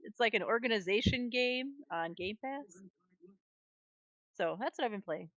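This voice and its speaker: A woman's voice: fairly high pitch, expressive, normal speed, fairly bright tone, no room sound. Chatty woman on a gaming podcast, laughs a lot, dull dry mic. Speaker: podcast co-host. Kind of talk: casual podcast chat.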